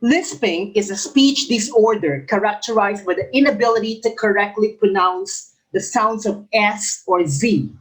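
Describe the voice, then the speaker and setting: A man's voice: sits high, moderate pace, hardly any pauses, a bit bright, low-quality recording. A male English professor with a lisp, coaching future teachers through exam questions by reading each one twice and explaining the answer. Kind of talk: exam review lecture.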